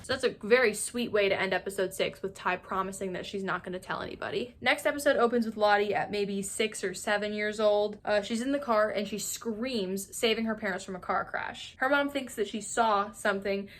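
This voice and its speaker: A woman's voice: mid-range voice, fairly quick, few pauses, fairly bright tone. A young woman giving a casual, jokey recap of a TV show, full of fillers. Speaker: recap video host.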